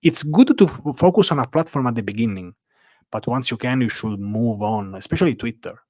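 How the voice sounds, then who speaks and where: This Italian-accented man speaks fairly quickly with lively intonation, his mid-range voice a little mellow on a dry recording. He's casually live-streaming from a hotel room, rambling through viewer questions with frequent "uh"s.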